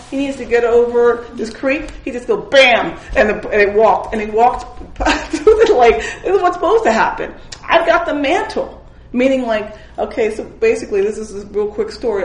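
A woman's voice: mid-range voice, darkish tone. A woman leading an informal Bible study who tells stories with animation, acts out the people she quotes and often laughs. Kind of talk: informal spoken devotional. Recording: roomy echoing room.

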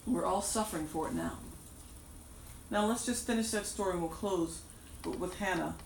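A woman's voice: lowish voice, moderate pace. A woman preaching a sermon, emphatic, repeating her key phrases for weight. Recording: echoey room, distant mic, faint background noise.

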